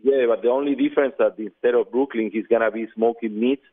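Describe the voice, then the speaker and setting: A man's voice: medium pitch, fairly even intonation, fast. A man calling into a radio show as a guest, talking eagerly and adding details as he goes. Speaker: phone-in guest. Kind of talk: casual phone interview. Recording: tinny phone line.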